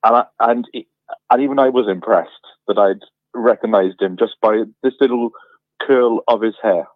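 A man's voice: lowish voice, normal speed, no echo. A man chatting casually on a radio show over a phone line, telling jokey everyday stories. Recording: tinny phone line, dry.

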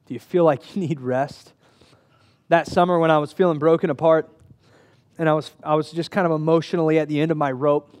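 A man in his thirties preaching a sermon as pastor, earnest, moving between hushed intimate passages and raised emphatic ones. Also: fairly high pitch.

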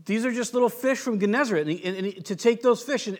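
A man's voice: sits high, fast, hardly any pauses. An American man preaching a sermon, telling stories in a conversational way and often restarting his sentences. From United States. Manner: conversational storytelling with frequent restarts. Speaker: pastor.

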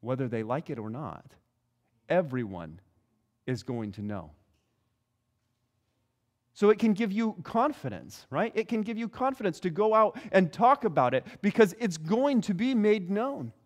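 Middle-aged male pastor, high-pitched voice, lively storytelling sermon delivery. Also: unhurried, long pauses. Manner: animated storytelling, acts out quoted voices.

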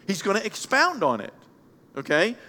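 A man preaches a Sunday sermon, blunt and animated, slipping into the voices of the people he describes. His voice sits high for a man. The sound rings out with a long hall reverb. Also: normal speed. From Central Kentucky. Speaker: pastor. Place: church sanctuary.

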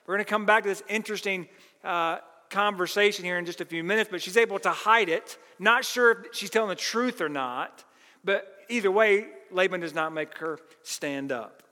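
High, bright-voiced man preaching in a hall. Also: moderate pace. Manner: emphatic, earnest teaching tone. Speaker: pastor. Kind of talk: sermon. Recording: long reverb of a large hall.

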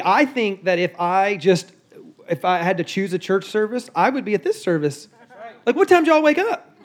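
A middle-aged man preaching from a church stage, his voice high for a man. He keeps a loose, joking, conversational manner with the congregation. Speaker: guest pastor. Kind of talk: sermon. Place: church sanctuary.

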